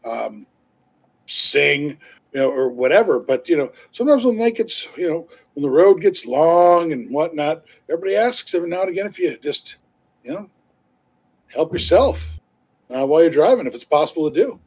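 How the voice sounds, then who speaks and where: A man's voice: on the high side, expressive, normal speed, a little mellow, breathy edge, rough recording. A man telling a long, rambling story to his co-host on a live stream, full of fillers and restarts and laughing easily. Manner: laughs easily while talking. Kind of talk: casual chat on a live stream.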